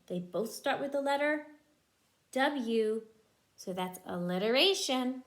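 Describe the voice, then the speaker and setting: A woman's voice: high voice, big pitch swings, measured pace, pauses often. A young woman reading a picture book aloud to young children as a teacher, in a sing-song way, stopping to explain words and make bird calls.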